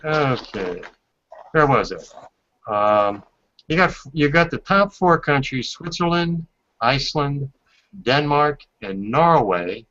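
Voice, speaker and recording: A man's voice: medium pitch, big pitch swings, slow pace, sharp tone. A man hosting a casual video call, reading aloud from a report and adding asides. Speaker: host. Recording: dull lo-fi video call audio.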